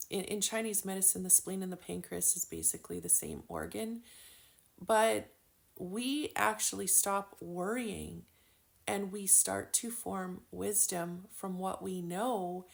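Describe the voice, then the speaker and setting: Gravelly-voiced woman giving casual spiritual teaching. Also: mid-range voice. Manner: chatty, swears casually, many fillers. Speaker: spiritual card reader.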